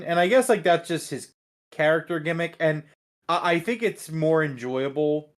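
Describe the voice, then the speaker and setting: A man's voice: a little high, normal speed. A man co-hosting a podcast in casual chat, talking things through and often repeating words as he thinks. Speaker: podcast co-host.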